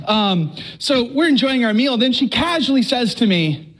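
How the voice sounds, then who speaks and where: A middle-aged man from Texas giving a personal testimony, telling his story in an animated way and acting out the voices of others. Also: very high-pitched, moderate pace.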